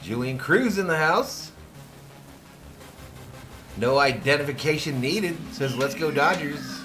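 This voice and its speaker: Over music, a man with a fairly high voice takes it slowly as he hosts a fan watch party. He calls the plays live, cracks jokes with his chat, and animatedly reads viewers' names aloud.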